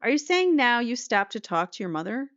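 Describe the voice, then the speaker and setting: A woman's voice: a little high, big pitch swings, brisk, a bit bright, dry recording, pitched above the performer's own voice. A woman voicing a courtroom prosecutor who cross-examines with pressing, repetitive questions. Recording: slightly muffled dry recording.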